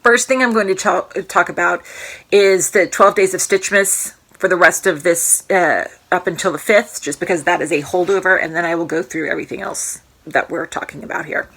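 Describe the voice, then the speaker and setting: Woman, 30s, home vlogger; bright, chatty, rambling, jokey delivery. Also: fairly low pitch, moderate pace. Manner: rambling, self-interrupting, jokey. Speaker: cross-stitch vlogger. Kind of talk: casual chatty show-and-tell.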